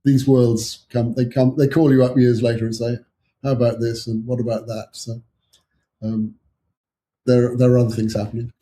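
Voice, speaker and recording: An older man with an English accent tells stories in a loose, meandering way, dropping in wry chuckling asides. His voice is mellow and warm, sitting at an ordinary pitch, with a faint hiss of noise behind him. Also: flat delivery, normal speed. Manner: rambling anecdotal storyteller, chuckling asides. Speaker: author guest. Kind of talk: casual chat.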